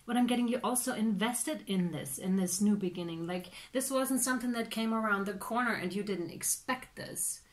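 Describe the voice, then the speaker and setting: A woman giving a casual tarot reading, chatty and animated, with many fillers and playful acted-out reactions. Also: mid-range voice, normal speed, few pauses. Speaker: tarot reader.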